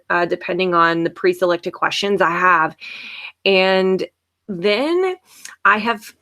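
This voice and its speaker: Chatty upbeat woman teacher demoing software. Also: fairly low pitch. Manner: chatty, upbeat, frequent "okay" and "yay". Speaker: teacher presenting a webinar. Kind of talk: casual live software demo.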